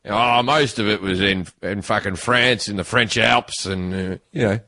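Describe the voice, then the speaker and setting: A man's voice: on the low side, measured pace, bright, forceful tone. A man doing an impression of a blunt, crude older ex-film star with an Australian accent, drawling and matter-of-fact.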